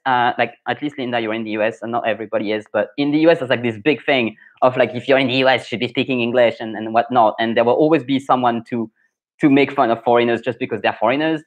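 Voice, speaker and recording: French man chatting frankly on a live stream. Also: mid-range voice. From France. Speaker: French pronunciation coach hosting a live stream. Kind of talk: casual live Q&A, reading viewer comments.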